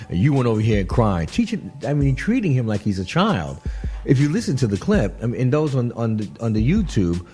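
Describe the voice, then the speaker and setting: A man hosting a radio talk show, commenting on clips in an animated, chatty way with frequent laughs and restarts. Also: mid-range voice, fairly quick, husky, faint music behind. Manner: animated, laughing, repeats himself. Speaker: radio host.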